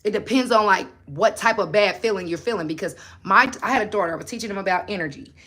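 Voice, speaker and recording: Bright-voiced animated woman giving a pep talk. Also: mid-range voice, fast. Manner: animated, preachy, slangy, asks viewers direct questions. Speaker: motivational livestream host. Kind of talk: casual livestream talk.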